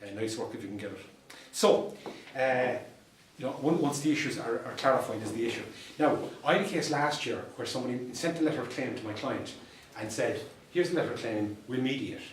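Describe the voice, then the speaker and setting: An Irish man addresses a room of fellow lawyers, spinning dry-humoured anecdotes with punchlines he repeats for effect. His voice sits at an ordinary middle pitch. He is picked up from some distance in an echoey meeting room, with a faint hum behind him. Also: expressive, fairly quick. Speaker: solicitor and mediator giving a talk. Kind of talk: anecdotal presentation to a professional audience.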